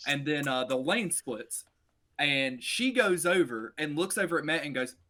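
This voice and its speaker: A young man tells a story on a casual podcast in a bright, slightly high voice. He pauses often, filling the gaps with ums. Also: expressive. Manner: hesitant storyteller with many ums. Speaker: podcast co-host. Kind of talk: casual chat.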